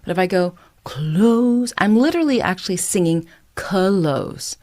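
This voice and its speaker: Encouraging woman vocal coach, slightly low voice. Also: very animated, quick pace, darkish tone. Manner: encouraging, explains step by step, sings short phrases as demonstrations. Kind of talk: singing tutorial, talking to camera.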